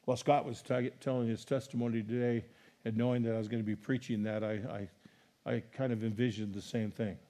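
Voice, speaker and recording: A man's voice: mid-range voice, fairly quick. A middle-aged man preaching a sermon as a pastor, reading scripture with rising emphasis and chatting to the congregation between passages. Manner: animated preaching, rising loud on scripture quotes.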